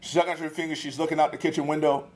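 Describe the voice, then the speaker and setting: A man giving a storytelling sermon to college students, casual and slangy, animated as he tells stories from his family life. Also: on the high side, rapid-fire. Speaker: guest speaker at a campus ministry. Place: live talk to students.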